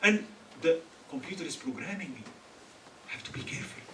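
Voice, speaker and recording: Man, animated, echoey hall. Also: on the high side, fairly quick. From Egypt. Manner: animated, joking, quizzing the audience with questions. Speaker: speaker at a student religious gathering. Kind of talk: humorous religious talk to an audience. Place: hall with a live audience. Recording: echoey hall, mic far off, faint hiss.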